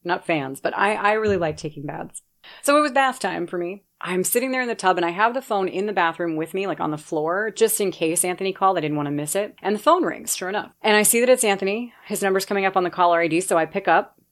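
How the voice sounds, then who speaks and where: A woman from Nebraska telling a personal story in a casual way, excitable, swearing freely and laughing as she goes. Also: mid-range voice, fast talker. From Nebraska, USA.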